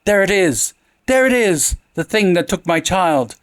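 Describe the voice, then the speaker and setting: A man's voice: high voice, sing-song, a little slow, voice pushed up. A man doing a shrieking, crazed mother. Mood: shrill terror. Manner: shrieking, wild, breathless raving. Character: frantic grief-crazed mother, middle-aged woman.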